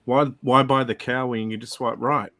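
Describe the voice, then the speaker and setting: A man chatting in a relaxed, bantering way with friends on a livestream. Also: mid-range voice, moderate pace, noisy background. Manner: easygoing, bantering. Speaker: livestream guest. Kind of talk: casual chat among friends.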